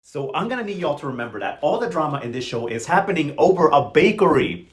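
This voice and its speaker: A man's voice: a little high, quick pace. A man recapping a soap opera in casual, gossipy commentary, acting out the characters' lines with sass. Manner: gossipy, animated, acts out characters with quoted voices. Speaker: novela recap vlogger.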